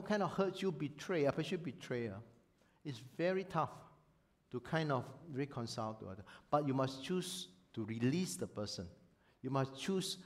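Animated pastor, man. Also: fairly high pitch. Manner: animated, emphatic, acts out quoted voices. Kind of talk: sermon.

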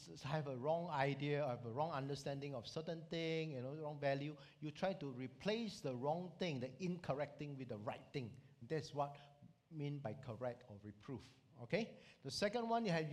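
Singaporean guy preaching, lively storyteller, voice sits a bit high. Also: moderate pace. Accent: Singaporean English. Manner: animated storytelling with local slang and particles. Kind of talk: sermon with Bible teaching.

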